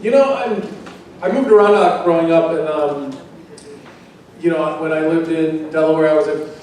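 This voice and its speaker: Convention panel guest, man in his 40s, fairly high voice, rambling relaxed stories, boomy hall heard from the back. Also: normal speed, a little hiss or hum. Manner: relaxed, rambling anecdotes with restarts and acted quotes. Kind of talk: casual storytelling to a fan audience. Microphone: handheld mic recorded from far in the audience. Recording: echoey hall from far off.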